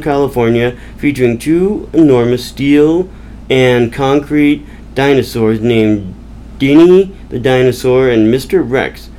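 A man's voice: medium pitch, darkish tone, slight background noise, rough recording. A man, the podcast host, rambling through a casual movie recap with chatty restarts.

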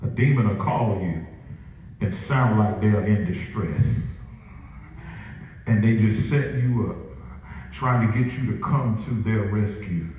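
A man preaching a sermon, trading call and response with the pews and laughing between his points. His voice sits at an ordinary pitch but reaches the mic from far off, swimming in a heavy echo. A faint room hum sits underneath. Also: takes it slowly, pauses often, darkish tone. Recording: echoey room picked up from a distance, faint ambience.

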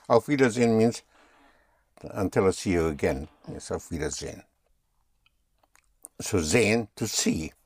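A man's voice: fairly low pitch, no echo, clean studio sound. A man teaching German in a patient one-on-one lesson, often spelling words out letter by letter.

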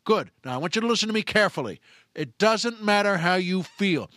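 A man's voice: sits high, lively intonation, a little fast, pushed and bright, no echo, clean studio sound. A man playing a bullying crime boss on the phone, who barks threats and orders. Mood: coaxing. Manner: threatening, bullying, pushy commands.

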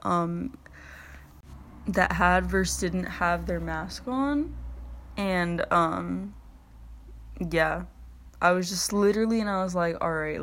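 A teenage girl talks through her solo podcast in a loose, meandering way. Her voice sits a little low for a girl. She leans on "like" constantly and restarts her sentences often. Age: teens. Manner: rambling, heavy use of "like", frequent restarts. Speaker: podcast host. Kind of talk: casual solo podcast chat.

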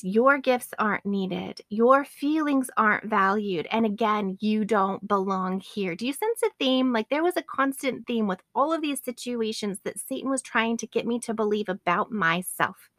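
A woman's voice: mid-range voice, fairly bright tone, dry recording, studio quality. A woman in her late thirties hosting a faith podcast, earnest and addressing her listeners as friends. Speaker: podcast host.

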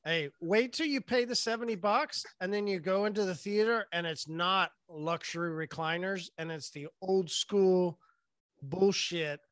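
A man's voice: high voice, a little slow, fairly bright tone, no room sound. A man hosting a casual chat, telling stories in a loose, profane way. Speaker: host.

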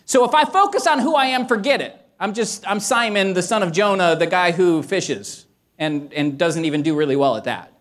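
A middle-aged man preaching a sermon, who tells stories about home with humor and rises to shouts when he gets excited. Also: high voice, normal speed. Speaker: pastor.

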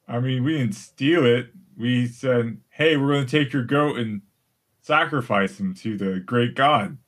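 A man game master voicing a dim, naive male ogre who asks slow, puzzled, childlike questions in a tabletop role-play. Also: mid-range voice, fairly bright tone. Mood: confused, naive.

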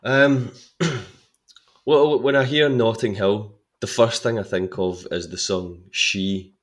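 A man talks about a favourite film on a podcast, eager and tripping over his words as he restarts his sentences. His voice sits a little lower than most men's. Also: steady tone, slow. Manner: enthusiastic, with many restarts and repeated words. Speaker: actor, podcast guest. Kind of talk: casual film-discussion chat.

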